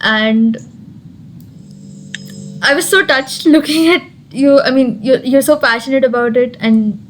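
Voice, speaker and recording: High-voiced woman hosting a video call. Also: unhurried, a little hiss or hum. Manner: warm, encouraging, lots of repeated reassurances. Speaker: host of a fan video call. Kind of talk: casual group video call.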